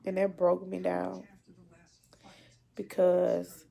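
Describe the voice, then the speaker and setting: Gravelly emotional woman, halting speech. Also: on the low side, completely flat delivery, muffled recording. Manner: emotional, halting, repeats herself. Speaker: mother. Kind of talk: personal video diary.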